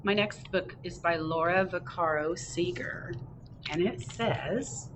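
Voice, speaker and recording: Lady librarian reading picture books aloud, slow and expressive, chatty, in a library. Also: fairly low pitch, noisy background. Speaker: children's librarian. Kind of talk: picture book read-aloud. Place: public library.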